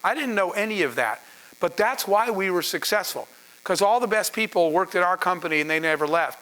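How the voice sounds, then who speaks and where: A man, a startup founder, telling stories to an audience in an animated way, laughing and acting out dialogue. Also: high-pitched, a little fast, poor audio. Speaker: startup founder and panel speaker. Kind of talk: storytelling talk to an audience.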